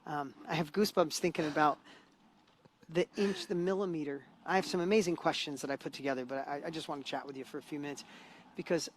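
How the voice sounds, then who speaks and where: Brief: upbeat male host, rapid talker, slightly high voice, faint noise behind. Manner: enthusiastic, encouraging, motivational. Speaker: host and course co-creator. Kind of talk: live-stream interview.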